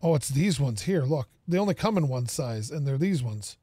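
A man's voice: mid-range voice, lively intonation, normal speed, dark tone, slightly rough, no echo. A man streaming a game, casually thinking aloud and joking with the characters on screen. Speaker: gaming streamer. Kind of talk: casual gameplay commentary.

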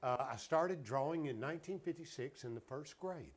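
A man's voice: on the high side, moderate pace, slightly rough. A man, telling folksy anecdotes as a guest on a talk show. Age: 70s. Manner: drawling, folksy anecdotes with acted quotes. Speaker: guest singer. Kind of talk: casual storytelling chat.

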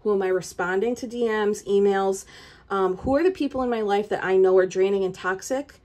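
A woman's voice: mid-range voice, a little fast, darkish tone. A woman giving a tarot reading straight to the viewer, urgent and emphatic, repeating her points. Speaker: tarot reader.

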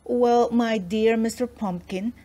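A kindly storybook magic girl who greets strangers in a slow, singsong lilt, as a woman reader puts her on. Her voice sits a little high. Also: big pitch swings, vocal fry, warm tone, husky, full character voice.

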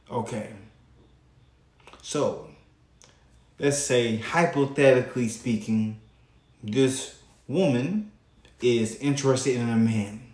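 A man hosting his own channel, giving reaction commentary in a drawn-out way with frequent pauses. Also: mid-range voice, a little mellow, roomy sound. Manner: slow, drawn-out, pausing often. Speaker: channel host.

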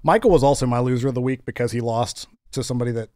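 A man's voice: medium pitch, racing, darkish tone, no echo, clean studio sound. Laid-back young man hosting fantasy football chat. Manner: laid-back, joking, runs the segments. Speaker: podcast host.

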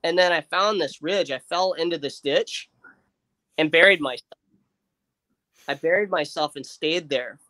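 A man with a somewhat high voice tells a long story in loose, casual chat. He rambles with lots of fillers and restarts and slips into his friends' voices as he goes. The sound is dry and close. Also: measured pace, pauses often, dry recording. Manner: animated, acts out friends' lines. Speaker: livestream guest telling a story.

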